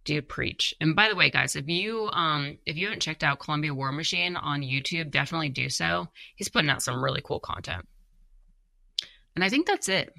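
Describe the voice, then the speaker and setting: A young woman co-hosts a podcast in a chatty, self-deprecating way, laughing as she goes. Her voice is heavily gravelly with a bright edge. She sounds tired, and the recording is dry and close. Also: low voice, lively intonation, brisk, no room sound. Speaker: podcast co-host. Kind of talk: casual chat reading viewer comments.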